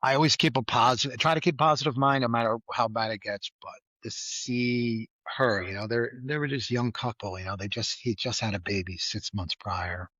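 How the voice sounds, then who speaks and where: A man with a bright, forceful voice tells a story as a podcast guest. He talks in a lively, casual way, laughs often, and slips into the voices of the people in his story. The sound is close and dry. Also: medium pitch, fairly quick, hardly any pauses, dry recording, muffled recording. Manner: animated storyteller who laughs often and acts out quoted lines. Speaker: guest, former state trooper.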